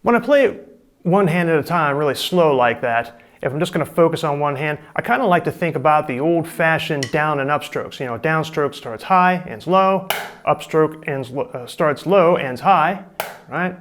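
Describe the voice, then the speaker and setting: A man's voice: a little high, lively intonation, normal speed, a bit bright, a little hiss or hum. A middle-aged man giving a casual, chatty drum lesson, explaining and demonstrating technique. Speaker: drum teacher.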